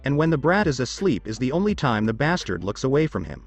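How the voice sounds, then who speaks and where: A man's voice: mid-range voice, very animated, fast talker, soft background music. A man voicing a brash, impatient male ninja thug. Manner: exclaiming, brash.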